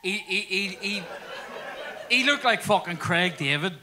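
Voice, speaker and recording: A podcast host performs crude, sweary storytelling on a theatre stage for a live podcast audience. He has a high, animated voice at a measured pace, with noise in the background.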